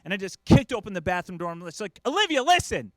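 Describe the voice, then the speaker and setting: A man's voice: high-pitched, quick pace, no room sound. A middle-aged man from the United States doing a stand-up comedy set, acting out his family in quoted voices. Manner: animated, acts out family members in quoted voices.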